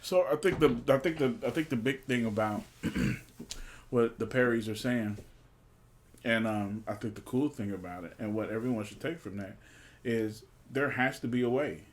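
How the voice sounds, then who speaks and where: A man co-hosting a relationship podcast talks in a casual, emphatic way. He repeats key phrases for stress and tosses questions to his partner. His voice sits at a middle pitch. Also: moderate pace, slight background noise. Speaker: podcast co-host.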